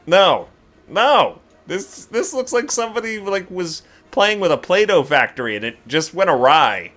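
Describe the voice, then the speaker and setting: Animated male gaming host, very lively pitch. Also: unhurried, faint music behind. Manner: animated, exclaiming, laughing reactions. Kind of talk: casual game commentary.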